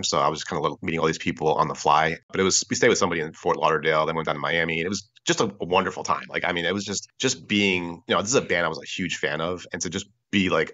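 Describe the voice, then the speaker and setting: Fast-talking low-voiced man on a call. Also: no echo, dull audio. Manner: animated, excitable, swears freely, acts out quotes. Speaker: podcast guest. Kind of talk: casual storytelling over a video call. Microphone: video call.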